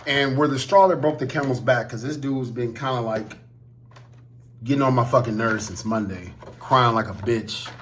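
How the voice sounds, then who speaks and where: A man, telling a profane, animated story about his day in a casual vlog and quoting the people involved. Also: medium pitch. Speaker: collector vlogger.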